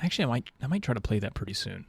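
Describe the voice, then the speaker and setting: A man co-hosting a podcast whose pitch swings widely as he talks, easygoing and quick to agree or tease. His middle-pitched voice sits close and dry. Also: sing-song, vocal fry, breathy edge, no room sound. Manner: easygoing, agreeable, teasing banter. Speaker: podcast co-host. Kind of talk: casual chat.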